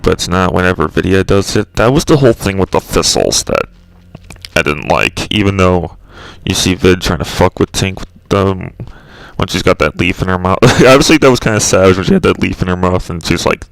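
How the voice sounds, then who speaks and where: A man's voice: deep voice, creaky, dry recording, low-quality recording. A man hosting his own channel, talking in a rambling, exasperated way with frequent swearing. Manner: rambling, profane, exasperated ranting. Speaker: channel host. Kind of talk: casual rambling video commentary.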